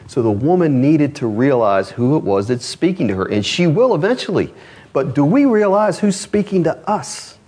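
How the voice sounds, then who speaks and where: A man's voice: a little high, dark tone, husky. Earnest man preaching a sermon. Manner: earnest preaching with rhetorical questions and scripture readings. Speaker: pastor. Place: church.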